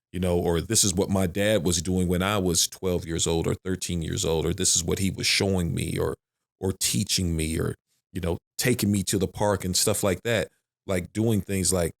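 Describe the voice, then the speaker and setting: Here is a middle-aged man with a very low, deep voice, chatting casually on a podcast. He rambles, circles back to repeat his phrases, and swears freely. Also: vocal fry. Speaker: podcast guest. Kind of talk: casual chat.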